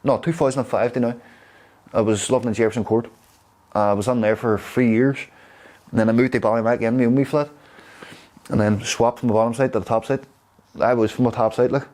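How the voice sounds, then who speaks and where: Derry man, interviewee, tells stories with lots of pauses and fillers. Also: medium pitch, fairly even intonation, darkish tone. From Derry, Northern Ireland. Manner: rambling, halting, with fillers. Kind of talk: casual storytelling.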